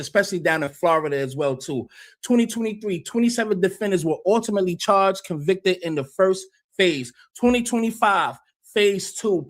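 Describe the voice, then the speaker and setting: American male streamer, high voice, heated rant, swears a lot, repeats himself. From United States. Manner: profane, combative, repeats himself. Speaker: livestream host.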